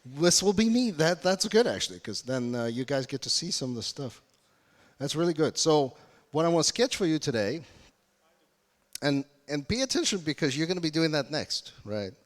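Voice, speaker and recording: A man's voice: a little high, animated, moderate pace. A man giving a UX workshop talk to a live audience, engaging them with questions. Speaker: UX workshop speaker. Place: conference room. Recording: reverberant conference hall.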